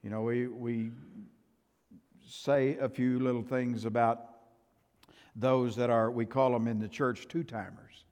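An older male pastor preaching a sermon, emphatic and swinging from loud to soft, in a church sanctuary. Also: mid-range voice, steady tone, measured pace. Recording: reverberant church hall.

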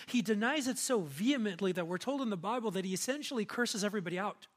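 Man, high-pitched voice, pastor preaching a sermon, earnest, conversational. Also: lively intonation, fast talker. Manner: conversational and earnest, rising to emphatic.

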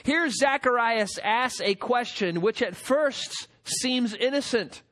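A man's voice: very high-pitched, takes it slowly, hardly any pauses, a bit bright. A man preaching a sermon as pastor, emphatic and full of rhetorical questions.

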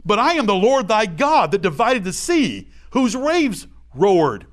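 A man's voice: high-pitched, wildly swooping pitch, unhurried, a bit bright. A man leading a verse-by-verse Bible study, reading old scripture aloud and then explaining it in plain everyday talk, acting out small examples as he goes. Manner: acts out little voices and examples. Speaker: Bible teacher.

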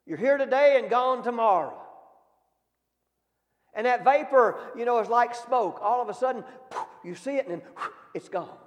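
Male preacher, folksy and direct, higher pitch, long hall echo. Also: animated, moderate pace, dull audio. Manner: folksy, calls out questions to the congregation. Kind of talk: sermon.

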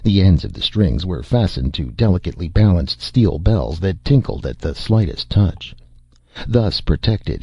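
Man, audiobook narration, measured delivery, very low voice, lively pitch, dull dry recording. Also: breathy edge, no echo. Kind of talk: scripted narration.

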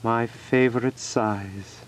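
A man's voice: on the high side, measured pace, lightly acted. A man doing a gloomy, mournful old donkey. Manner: gloomy, deadpan. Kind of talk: 1970s radio comedy story reading.

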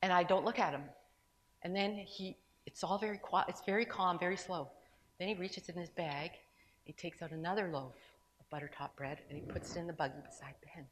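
A woman's voice: lowish voice, brisk, big-room sound, slight background noise. A woman speaking to a gathering, telling a personal story in a conversational, sermon-like way with asides and restarts. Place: large room with an audience.

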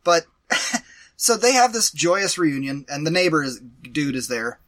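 Man, podcast co-host, bright and slightly high voice, animated and exasperated, casual swearing. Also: a little slow. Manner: animated, exasperated storytelling with profanity. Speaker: podcast co-host reviewing a movie. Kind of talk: casual chat.

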